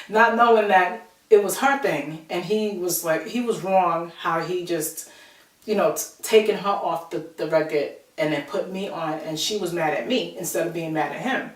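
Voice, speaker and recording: A woman telling a personal story to her viewers in a chatty, animated way, acting out the people she quotes. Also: lowish voice, fairly quick. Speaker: vlogger. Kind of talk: casual storytelling to camera. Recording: roomy echo, from a distance.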